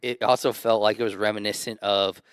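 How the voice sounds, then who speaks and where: Man, podcast co-host, smooth low voice, opinionated casual delivery. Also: flat delivery, brisk, no echo, studio quality. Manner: opinionated, restarts often. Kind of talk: casual review chat.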